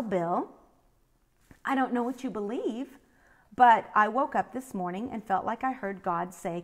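A middle-aged woman telling a personal faith story, quoting others as she goes. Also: medium pitch. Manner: animated, quotes others in her own voice. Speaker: speaker sharing a faith story.

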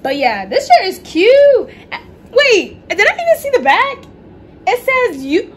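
A young woman chatting casually in a home vlog, excitable and gushing, full of slang, with faint noise in the background. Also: fairly high pitch, normal speed. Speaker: vlogger. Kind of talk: casual haul vlog chat. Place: home room at night.

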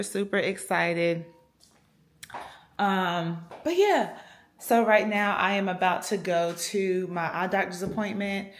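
A woman, chatting casually to viewers in a vlog with lots of fillers and "y'all". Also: on the low side. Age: 30s. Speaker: vlogger.

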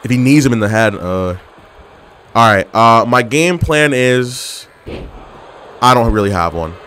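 A man's voice: mid-range voice, expressive, a little slow, a bit bright, clear, resonant tone. A young man giving live gameplay commentary, trash-talking his opponents and getting exasperated with the match. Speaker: gaming commentator.

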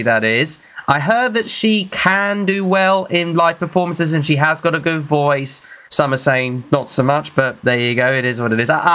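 Lively, bright-voiced British vlogger. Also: mid-range voice. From United Kingdom. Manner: chatty and playful, laughs often, scats beats aloud. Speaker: music reaction vlogger. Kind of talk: casual reaction commentary.

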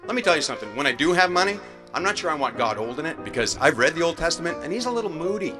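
A man delivering a playful comic monologue with animated, jumpy delivery, as a regular segment of a show. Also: very fast. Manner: animated, playful delivery with sudden jumps in pitch. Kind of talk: stand-up style comic monologue. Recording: echoey hall with guitar music behind.

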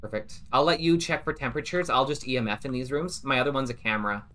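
A man's voice: mid-range voice, fast talker, sharp tone. A man streaming a game live, chatting casually and joking with viewers and a teammate. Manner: chatty, jokey, thanks viewers mid-game. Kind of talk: casual live-stream chat while playing.

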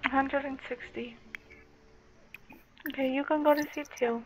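A woman's voice: sits high, fairly even intonation, unhurried, noisy background. A woman giving casual gameplay commentary, chatting to her game characters and slipping into baby talk. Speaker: game streamer.

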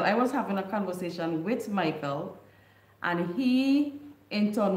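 A woman's voice: on the low side, a little mellow, roomy sound. A woman from a Caribbean island, hosting a casual livestream chat, greeting viewers by name and laughing often. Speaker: livestream host.

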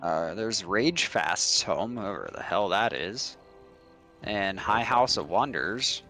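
A man's voice: fairly low pitch, animated, slow, sharp tone, soft background music. A young man casually commenting while playing a game with a friend, swearing and grumbling. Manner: swearing, exasperated quips. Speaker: streamer. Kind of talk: casual let's-play commentary.

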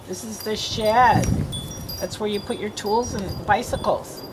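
A woman's voice: fairly high pitch, a little slow. A woman reading teacher reading a storybook aloud to children, patient and encouraging. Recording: noisy home recording.

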